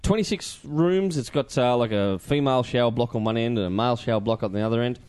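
An Australian man co-hosting a casual show, telling a story with lively, swearing banter. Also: mid-range voice, quick pace, smooth. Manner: animated, swearing, laughing storyteller. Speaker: radio co-host.

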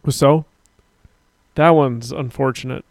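A man's voice: medium pitch, steady tone, unhurried, vocal fry, no room sound, studio quality. A man co-hosting a livestream, bantering crudely, laughing often and reading chat aloud. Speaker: livestream co-host.

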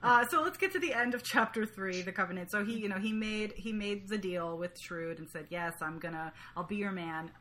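A woman co-hosting a podcast, talking through a book in a relaxed, thoughtful way with hesitant restarts. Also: medium pitch, fairly quick, hardly any pauses. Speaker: podcast co-host. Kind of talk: casual book discussion.

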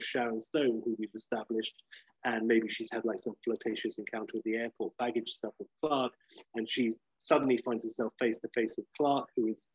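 A man with a husky, mid-pitched voice spins an animated comic pitch, full of ums and uhs. The recording is dry and a little dull. He talks casually, as if chatting with friends. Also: no echo. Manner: animated storytelling, many fillers, laughs, acts out scenes. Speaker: podcast co-host pitching a film idea. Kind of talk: casual comedic chat. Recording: dry, slightly dull lo-fi sound.

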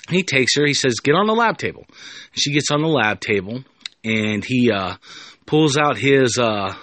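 A man's voice: mid-range voice, a bit bright, dry recording. A man hosting a podcast, telling a story in a casual, rambling way with jokey asides. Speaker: podcast host.

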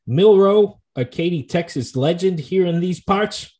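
Male co-host, relaxed and chatty, drifts between tasting notes and game talk. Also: sits high, a little slow. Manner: easygoing, rambling, tasting-note descriptions. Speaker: podcast co-host. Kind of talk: casual chat about sports and whiskey tasting.

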